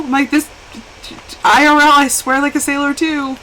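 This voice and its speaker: A woman's voice: high-pitched, moderate pace, a little hiss or hum, rough recording. A young woman chatting casually and animatedly while live-streaming a game. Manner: chatty and animated, with laughs and exclamations.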